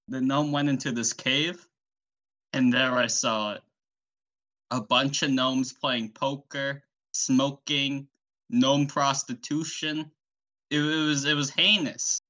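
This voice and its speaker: A young man hosting a podcast solo, telling an absurd story in a rambling, deadpan way. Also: mid-range voice. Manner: rambling, deadpan, self-interviewing.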